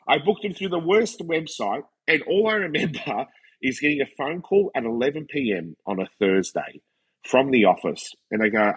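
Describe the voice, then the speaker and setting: A man with a slightly husky, breathy voice, talking at a middle pitch. He tells stories in loose, casual podcast chat. He animates them by acting out the people he quotes. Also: normal speed. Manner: animated storyteller acting out quoted dialogue, frequent "like". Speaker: podcast guest, wrestler and commentator.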